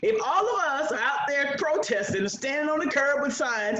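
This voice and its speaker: A woman's voice: high-pitched, sing-song, a little fast, few pauses, a bit bright, roomy sound, rough recording. A woman in her sixties giving a bold, preacher-like motivational speech to an audience of women. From United States. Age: 60s. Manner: bold, preacher-like, mimics others. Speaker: guest speaker.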